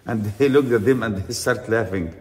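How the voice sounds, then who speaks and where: A man's voice: on the low side, moderate pace, darkish tone, in a large hall. A man with an Arabic accent preaching a storytelling sermon, acting out the characters in his tale and reciting Arabic verses.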